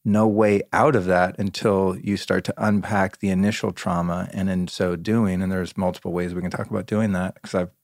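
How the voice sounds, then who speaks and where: A man speaking as a podcast guest in candid conversation, reflective and measured, restarting his sentences often. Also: low-pitched, flat delivery, a little mellow, no room sound, clean studio sound.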